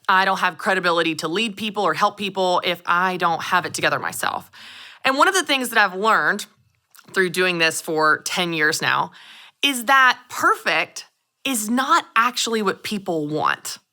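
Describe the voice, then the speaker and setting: A woman, hosting her own show and telling stories in a lively way. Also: on the low side, moderate pace. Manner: animated storytelling, acts out voices. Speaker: show host. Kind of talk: upbeat solo podcast talk.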